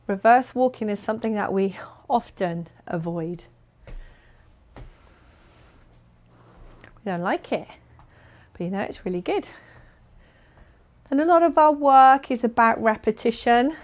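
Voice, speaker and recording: A woman's voice: a little high, measured pace, pauses often. A woman leading a fitness class, giving upbeat, encouraging and playful instructions. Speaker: exercise instructor.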